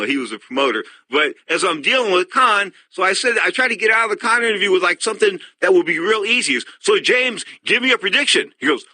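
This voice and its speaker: Older male sports talk host, forceful storyteller, dry studio sound. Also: mid-range voice, no echo. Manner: animated storyteller who acts out quotes. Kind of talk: casual sports talk commentary.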